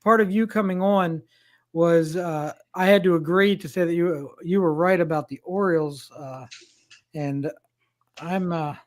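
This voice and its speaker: A man's voice: fairly high pitch, measured pace. An older man co-hosting a podcast, chatting casually and wryly about sports with frequent restarts. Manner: rambling, restarts, wry. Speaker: podcast co-host.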